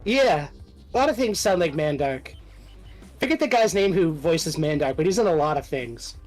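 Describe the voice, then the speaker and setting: A man's voice: a little high, moderate pace, soft background music, rough recording. A man co-hosting a casual podcast while playing a game, laughing often as he tells stories. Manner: laughs often, lively storytelling. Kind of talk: casual chat over gameplay.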